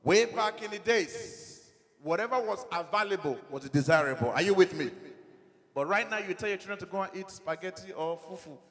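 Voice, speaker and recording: A middle-aged man with a Nigerian accent doing a stand-up comedy set, animated, acting out dialogue in his stories. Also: high-pitched, fairly quick, long reverb tail.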